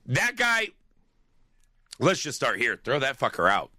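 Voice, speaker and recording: A man with a bright, ringing voice co-hosts a movie podcast. He talks casually, swears freely and slips into quoted voices. The sound is close and dry. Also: mid-range voice, unhurried, no room sound. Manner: profane, animated storyteller who acts out quoted voices. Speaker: podcast co-host. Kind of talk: casual chat.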